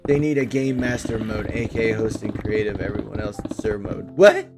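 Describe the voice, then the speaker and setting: A man's voice: on the low side, lively intonation, normal speed, heavy background noise. A man streaming a game, chatting earnestly with viewers about being a father, often restarting and repeating himself. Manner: earnest, open, with frequent restarts and repetitions. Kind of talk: casual chat with viewers during a game stream.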